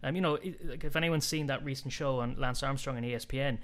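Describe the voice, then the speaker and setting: A man's voice: medium pitch, fast talker. A man chatting casually as a podcast co-host about sports, talkative and fond of telling jokes. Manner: chatty, tells jokes with put-on voices.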